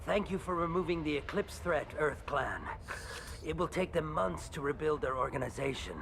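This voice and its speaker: A gravelly little alien. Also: male voice, on the high side, moderate pace, noisy background. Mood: formal.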